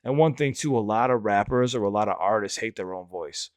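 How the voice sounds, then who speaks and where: A male reaction host talking in a smooth, somewhat low voice. His commentary is loose and candid, full of restarts and casual swearing, and the recording sounds dry and close. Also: fairly quick, dry recording. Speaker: reaction channel host and rapper.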